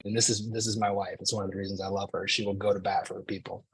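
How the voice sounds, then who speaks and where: A man's voice: fairly low pitch, level tone, rapid-fire, husky, no echo, low-quality recording. A man in his forties telling a personal story to an audience in a casual, conversational way, often saying "like" and "right?". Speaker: speaker.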